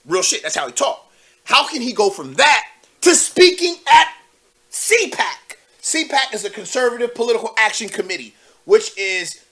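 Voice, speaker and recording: A man's voice: high voice, sharp tone. A young man hosting a live call-in show, commenting loosely with lots of fillers and asides to viewers. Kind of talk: casual political commentary.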